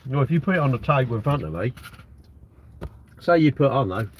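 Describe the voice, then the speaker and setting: A man's voice: medium pitch, very animated, a little fast, dull audio, a little hiss or hum. A man, chatting casually on a live stream from his car and answering viewer comments in a rambling way. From Britain. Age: 60s. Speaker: livestream host. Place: inside a parked car. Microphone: phone propped at the windscreen.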